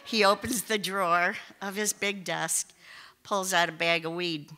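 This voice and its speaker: A woman telling a personal story to a live audience, animated, often laughing and exclaiming. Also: fairly low pitch, measured pace, noisy background.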